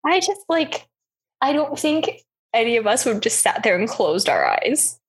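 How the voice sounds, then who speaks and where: A young woman in casual chat, animated and quick to object and argue her point. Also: fairly high pitch, slightly rough.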